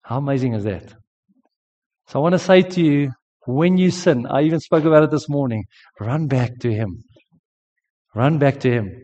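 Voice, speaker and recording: A man's voice: medium pitch, expressive, normal speed, long pauses, warm tone. A middle-aged man preaching a sermon, telling a personal testimony earnestly. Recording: dull lo-fi sound with long hall reverb.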